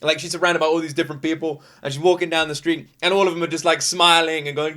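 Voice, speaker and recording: Young British male reaction host: excitable, chatty, laughs easily, bright and forceful tone. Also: on the high side. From United Kingdom. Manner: excitable and chatty, quick to laugh, filler-heavy. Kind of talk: casual reaction commentary.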